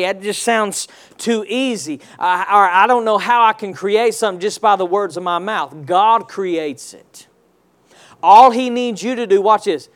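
High-voiced male pastor preaching. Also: clear, resonant tone. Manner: preaching with call-and-response, rising to loud exclamations. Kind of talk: sermon.

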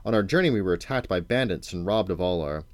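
A man's voice: deep voice, lively intonation, fast, no echo. A man reading aloud as a nervous magician who stammers and over-explains himself. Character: flustered middle-aged male magician, fumbling.

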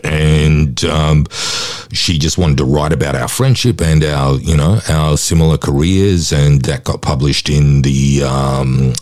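A middle-aged man with an extremely low, deep voice, talking openly as an interview guest. He tells his story in a candid, conversational way and slips into lively voices for the people he quotes. The sound is dry, with no room echo. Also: a little slow. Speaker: interview guest, voice-over artist.

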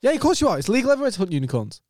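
A man's voice: high voice, huge pitch swings, racing, darkish tone, dry recording, clean studio sound. A young man co-hosting a comedy podcast, teasing his friends, swearing and laughing often. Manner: mocking, swearing, laughing a lot. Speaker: podcast co-host. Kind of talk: casual comedic banter.

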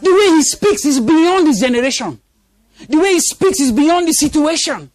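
Male pastor, lively pitch, animated sermon with laughs and call-and-response to the church. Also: moderate pace, no room sound. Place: church congregation.

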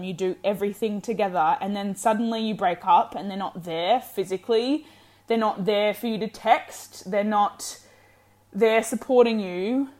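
A woman's voice: medium pitch, darkish tone. A young adult woman vlogging candid breakup advice, frank and encouraging, swearing freely. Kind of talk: candid direct-to-camera advice.

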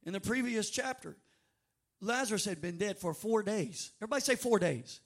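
A male pastor, from North Louisiana, preaching a dynamic sermon with bursts of shouting and drawn-out, sung phrases. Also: sits high, expressive. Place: church sanctuary before a congregation.

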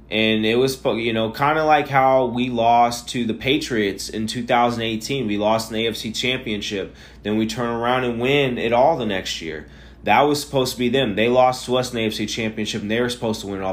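A tired young man talks through football news on his own podcast, his voice at an ordinary middle pitch. He rambles and restarts often, with blunt and opinionated views. He sounds sleepy and yawns now and then. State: tired, yawning. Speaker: podcast host. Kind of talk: casual solo sports podcast.

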